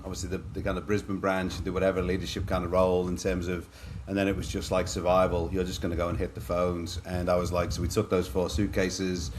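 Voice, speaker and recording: A man's voice: deep voice, slight background noise. A middle-aged man from Liverpool with an English accent, a podcast guest telling his own stories in a chatty, anecdotal way and calling the host "mate". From Liverpool, England. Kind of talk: candid storytelling in a podcast interview.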